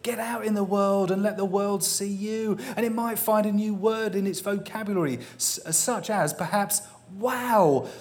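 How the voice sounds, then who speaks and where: A man's voice: high voice, normal speed, hardly any pauses, voice pushed up. A man voicing an exasperated, no-nonsense male city watch commander who talks bluntly and chuckles through his lines.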